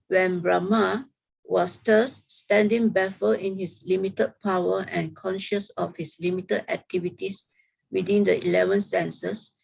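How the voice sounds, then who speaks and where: Woman reader on a video call: gravelly, husky, low-ish voice, reads scripture steadily and carefully. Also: darkish tone, poor audio. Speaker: reader in an online scripture study group. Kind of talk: reading scripture aloud.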